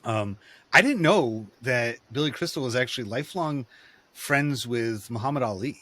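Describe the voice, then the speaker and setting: Man on a podcast; rambling, digressive storyteller; mid-pitched, conversational delivery. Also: expressive, moderate pace, sharp tone. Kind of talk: casual podcast chat.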